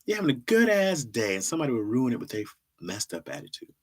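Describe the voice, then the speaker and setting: Talking fast in a mid-range voice with big pitch swings, this middle-aged man hosts a livestream. His casual, stand-up style chat rambles and repeats itself, full of laughter and responses to the chat.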